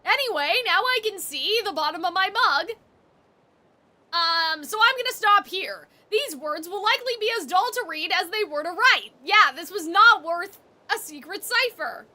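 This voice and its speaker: A woman's voice: extremely high pitch, animated, moderate pace, pushed and bright. A young woman streamer chatting while reading game text aloud and reacting to chat.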